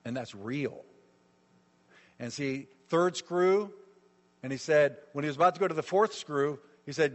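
Middle-aged male pastor, fairly high voice, emphatic storyteller, recorded in a reverberant hall. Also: unhurried, long pauses. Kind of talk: sermon.

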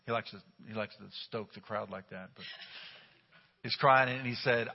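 A middle-aged man, a pastor, delivering a sermon with humorous, animated storytelling. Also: fairly low pitch, normal speed. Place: church sanctuary. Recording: dull recording with long hall reverb.

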